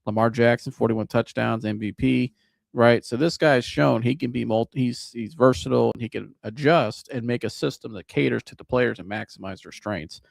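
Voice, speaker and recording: A man hosting a live sports reaction show, talking in an animated, casual, joking way with some swearing. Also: medium pitch, normal speed, gravelly, dry recording, studio quality. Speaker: sports podcast host.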